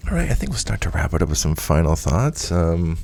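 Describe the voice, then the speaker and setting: A man's voice: low-pitched, sing-song, fairly quick, darkish tone. A man hosting a podcast in casual chat, rambling with frequent fillers and laughs. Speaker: podcast host.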